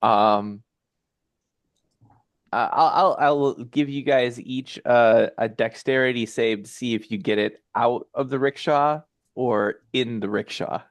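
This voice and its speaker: A man narrating a tabletop game as game master, halting with fillers and laughing often. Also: medium pitch, no room sound.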